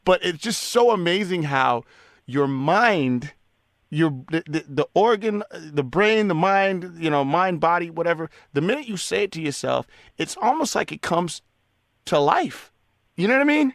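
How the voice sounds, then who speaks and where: A man's voice: a little high, expressive, normal speed, vocal fry, dry recording, clean studio sound. Casual, chummy male radio host. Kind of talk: casual radio interview chat.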